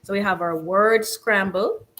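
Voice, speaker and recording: A woman's voice: medium pitch, a little slow, a bit bright. Woman, Jamaican accent, live-stream host, casual show-and-tell, rambling, filler-heavy. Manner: chatty, rambling, many fillers like "you know". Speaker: channel host.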